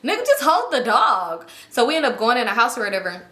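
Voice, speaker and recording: A woman telling a story casually to her viewers, animated and profane, acting out the people she quotes. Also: fairly high pitch, quick pace. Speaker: storytime YouTuber.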